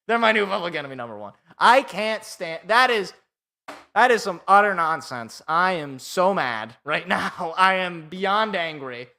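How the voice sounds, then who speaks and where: A man's voice: a little high, bright, forceful tone, smooth. A young man hosting a live sports podcast alone, ranting in an exasperated, sarcastic way.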